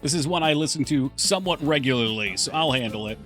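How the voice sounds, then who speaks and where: A man's voice: mid-range voice, animated, quick pace, a bit bright. A man chatting casually on a live stream while working on his game, thinking aloud and answering chat. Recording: faint music behind voice.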